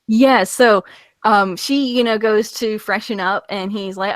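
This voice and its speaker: A woman's voice: mid-range voice, a little slow, dry recording. Chatty woman retelling a story. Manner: animated retelling with filler words and acted quotes. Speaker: podcast co-host. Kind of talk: casual comic-book review chat. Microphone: online call.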